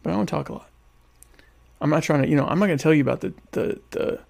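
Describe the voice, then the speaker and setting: This man talks fast in a fairly high, gravelly voice with a darkish tone, pausing often. Eating at home, he runs a laid-back livestream full of comedic chat, ribbing his audience and mocking himself along the way.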